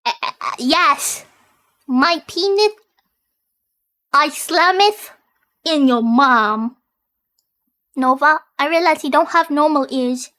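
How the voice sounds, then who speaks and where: A woman's voice: high-pitched, animated, takes it slowly, long pauses, pushed and bright. A woman streaming live, talking casually in a goofy way, stalling with fillers and repeats.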